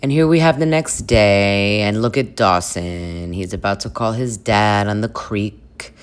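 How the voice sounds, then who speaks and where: A man's voice: on the low side, measured pace, hardly any pauses, clear, resonant tone. A man hosting a comedic reaction video, talking casually through what he is watching. His delivery is loose and conversational, dotted with sarcastic asides. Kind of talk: comedic commentary.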